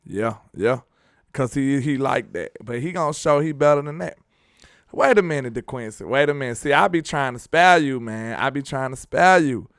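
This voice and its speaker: A man's voice: medium pitch, lively intonation, moderate pace, fairly bright tone, dry recording, clean studio sound. A young man hosting a casual sports chat, laid-back, laughing often and using dialect slang. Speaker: sports show host.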